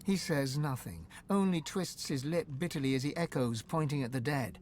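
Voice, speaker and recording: A man narrating a fantasy game in an expressive, scripted storybook delivery. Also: a little high, moderate pace, slight background noise, close to an everyday voice.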